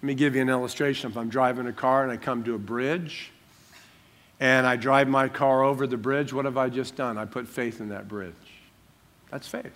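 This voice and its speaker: A man's voice: mid-range voice, steady tone, a little fast, a bit bright. A man preaching a sermon in church, talking in a humorous, conversational way with everyday stories. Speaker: pastor.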